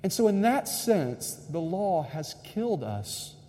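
A man's voice: high-pitched, big pitch swings, takes it slowly, mellow, slight background noise. A man preaching a sermon, emphatic and direct, repeating his key lines to the congregation. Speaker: pastor. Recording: long hall reverb.

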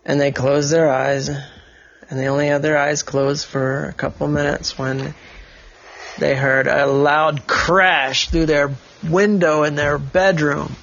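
A man's voice: a little high, flat delivery, slow, a bit bright, muffled recording, a little hiss or hum. Father improvising a bedtime story. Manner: rambling, self-correcting.

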